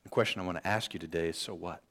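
A man preaching a sermon, shifting between quiet and loud passages and joking with the congregation. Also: low-pitched, racing. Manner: dynamic, swings from quiet to loud. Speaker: pastor.

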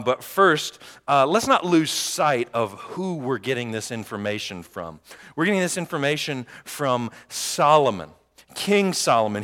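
A man preaching a sermon as pastor, lively and joking with the congregation. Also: fairly high pitch. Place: church sanctuary. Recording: long hall reverb.

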